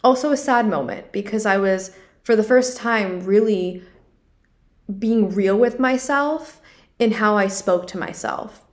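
A woman's voice: mid-range voice, unhurried. A young woman hosting her own podcast, talking through a personal story in an earnest, confessional way, with lots of "like" fillers. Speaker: podcast host. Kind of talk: personal reflective monologue.

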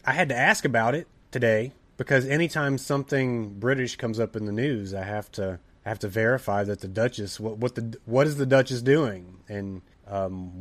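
A man's voice: fairly low pitch, dry recording. Dry-sounding man telling a story. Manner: storytelling, rambling with restarts. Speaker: podcast host. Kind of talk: casual chat.

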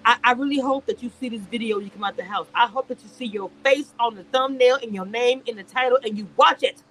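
Woman, high-pitched, bright tone, live-stream show reviewer, emphatic, exasperated, repetitive. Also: fast, slight background noise, low-quality recording. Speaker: YouTube reality show reviewer. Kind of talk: casual live-stream commentary rant.

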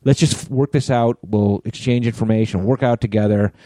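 Male podcast co-host, low mellow voice, profane animated storyteller. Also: a little fast, no echo. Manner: profane, animated storyteller acting out both sides of a quarrel. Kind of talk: casual storytelling chat.

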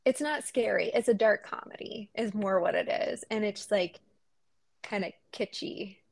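With a creaky, medium-pitched voice and a moderate pace, a woman in her thirties co-hosts a podcast without any echo. She's chatty, tells stories, and breaks into laughter often.

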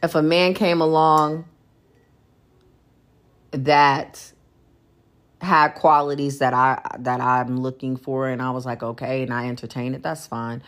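A woman's voice: a bass voice, steady tone, unhurried, pauses often, fairly bright tone. A woman hosting a solo podcast, venting bluntly and profanely about dating and everyday life, speaking. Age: adult. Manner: blunt, profane, emphatic storytelling. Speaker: podcast host.

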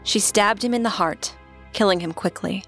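Female podcast co-host, mid pitch, steady scripted true-crime narration, faint music. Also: moderate pace.

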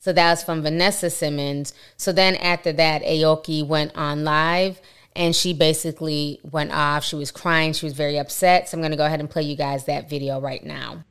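Low, smooth-voiced woman narrating gossip. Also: steady tone, normal speed, fairly bright tone. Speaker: commentary channel host. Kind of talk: celebrity gossip commentary, reading posts aloud.

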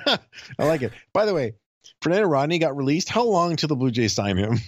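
A man's voice: on the high side, big pitch swings, fairly quick, dry recording. A man co-hosting a podcast in casual sports chat, making dry, sardonic quips. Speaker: podcast co-host.

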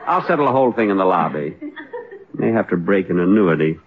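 A man, a comedian guest in scripted 1940s radio comedy, with dry deadpan comic timing. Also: low-pitched, a little fast, phone-quality sound, a crowd in the background. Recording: scratchy 1940s radio broadcast, heavy hiss.

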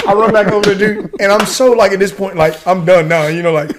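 A man from the United States spins an old army tale at a rapid clip, peppering it with dude, bro and swearing. His voice sits a little high for a man, and he laughs often as he talks. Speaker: guest, retired Army warrant officer. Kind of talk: casual storytelling.

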